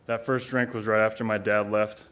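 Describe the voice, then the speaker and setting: A middle-aged man at a recovery retreat gives a candid, rambling talk about his own recovery, blunt, often profane and full of fillers. His voice sits on the low side, level in tone, slightly bright, at normal speed, on a dull lo-fi recording.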